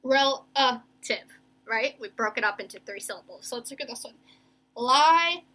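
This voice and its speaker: A young woman teacher giving a remote reading lesson to children, slowly stretching out each word as she sounds it. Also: a little high, sharp tone, slightly rough. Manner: slow, stretched-out sounding of words.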